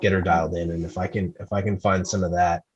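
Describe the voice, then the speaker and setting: A man's voice: low voice, flat delivery, fast talker, highs cut off. A man talking as a guest in a casual podcast chat, telling stories in a chatty way and often repeating words.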